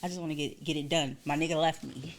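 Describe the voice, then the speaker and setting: A young woman chats casually on a podcast and tells her story with lively energy, slipping into other people's voices when she quotes them. Her voice sits a little low for a woman. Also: fast, slight background noise. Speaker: podcast co-host. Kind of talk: casual chat.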